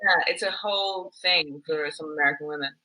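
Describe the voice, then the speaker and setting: A woman's voice: deep voice, brisk, sharp tone, rough recording. An Australian woman, an actor guest on a video-call panel, chatting and laughing easily. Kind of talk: casual panel chat.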